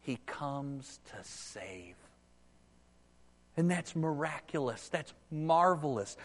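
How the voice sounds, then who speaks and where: A man preaching a sermon in an earnest, emphatic way, slowing down to press key points. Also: mid-range voice. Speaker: pastor. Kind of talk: sermon with storybook reading. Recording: echoey hall with long reverb.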